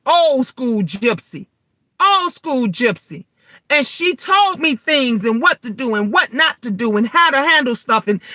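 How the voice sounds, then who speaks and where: A middle-aged woman, vlogging in a blunt, animated monologue full of swearing. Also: sits high, no room sound. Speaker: vlogger and tarot reader. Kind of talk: casual vlog monologue.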